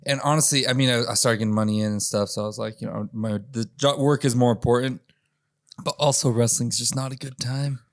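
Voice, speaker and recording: A man telling stories in a casual podcast chat, swearing freely and animated as he recounts things. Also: mid-range voice, brisk, no echo, clean studio sound. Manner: profane, animated storytelling. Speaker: podcast host.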